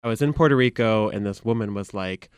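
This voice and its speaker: A man's voice: fairly low pitch, fairly quick, clear, resonant tone, no room sound, studio quality. A man with a Michigan accent, a content creator, telling a casual story animatedly and acting out the voices of the people he quotes.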